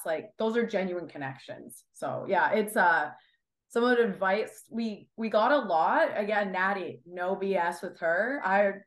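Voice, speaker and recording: In an echoey room, a young woman in her twenties with a mid-range voice chats casually as a wrestler guest in an interview. She's chatty and animated, acting out quotes as she talks.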